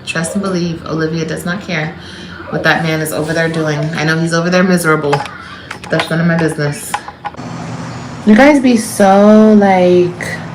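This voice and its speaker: A woman rambles to her viewers in a loose, animated live chat, her voice mid-pitched. The sound is roomy and echoey, with a faint hum underneath. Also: measured pace. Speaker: livestreamer.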